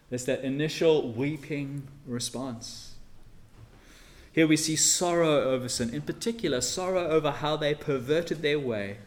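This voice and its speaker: Earnest preacher, rising to loud emphasis. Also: male voice, on the high side, moderate pace. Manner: earnest, swells loud on key phrases, drops soft for emphasis. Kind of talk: sermon.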